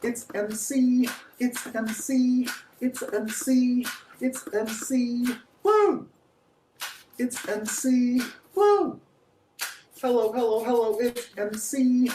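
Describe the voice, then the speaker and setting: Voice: medium pitch, very slow, dark tone, a little hiss or hum, pitched above the performer's own voice. A man voicing a hyped puppet MC rapper who chants and whoops in a puppet video skit. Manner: chanting rap hype, whooping. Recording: echoey, distant room sound.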